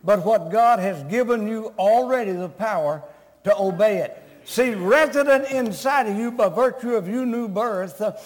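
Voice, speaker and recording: Brief: high-pitched male preacher, blunt, scolding sermon with jokes, long hall reverb. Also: moderate pace. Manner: blunt, scolding, joking with the congregation. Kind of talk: revival sermon.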